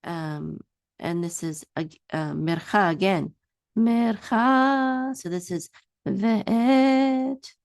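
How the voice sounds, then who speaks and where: A woman teaching a one-on-one Hebrew reading lesson, patiently singing each word out slowly for her student to repeat. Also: low voice, steady tone, vocal fry, no echo, studio quality.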